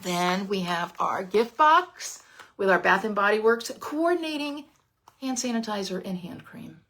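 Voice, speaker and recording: A woman leading a casual live papercraft demo, chatty, playful and excitable, often dropping into gushing whispers. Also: mid-range voice, measured pace. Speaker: papercraft demonstrator.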